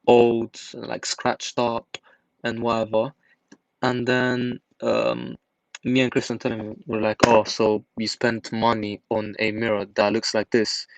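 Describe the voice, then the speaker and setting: Low, flat-voiced man retelling a story. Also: dry recording, poor audio. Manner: loose retelling with quoted dialogue and "like" fillers. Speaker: group chat member telling a story. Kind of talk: casual storytelling.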